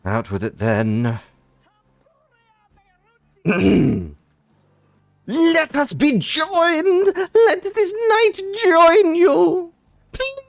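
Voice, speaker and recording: A pompous, overeager worm knight bellows his pledges in old-fashioned, theatrical speech with a posh English accent. His voice rides high and slow, the words stretched out for grandeur. The recording is dry and close to the mic. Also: very animated, gravelly, no room sound, soft background music, full character voice. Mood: beseeching. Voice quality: booming, theatrical archaic diction. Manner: loud, drawn-out, grandiose declarations.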